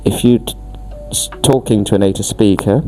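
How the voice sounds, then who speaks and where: A man's voice: on the low side, steady tone, moderate pace, dark tone, faint music behind. A man, an English teacher explaining at length on a podcast, emphatic and often restarting his phrases. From Angola. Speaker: English teacher being questioned.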